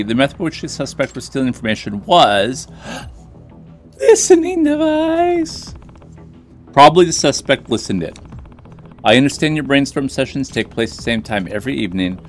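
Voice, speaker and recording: An actor playing a calm, methodical male private detective in a video game, laying out his reasoning in a measured, explanatory way. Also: mid-range voice, close to an everyday voice. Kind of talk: scripted game dialogue.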